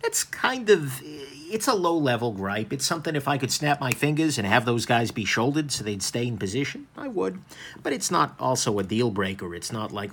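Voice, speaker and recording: A man casually reviewing and taking apart a knife for his channel, wandering into joking asides and filling pauses with "um". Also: mid-range voice, very animated, vocal fry, a bit bright, slight background noise. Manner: rambling, with joking asides and many ums. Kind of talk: casual hands-on product review.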